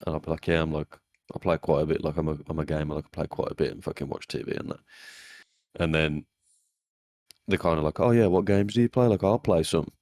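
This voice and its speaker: A young man with an extremely deep voice chats on a podcast. He is blunt and sweary and tells stories by acting out what people said. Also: steady tone, fast, a little mellow, no echo. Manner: blunt, swearing, storytelling with acted-out quotes. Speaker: podcast co-host. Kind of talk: casual chat.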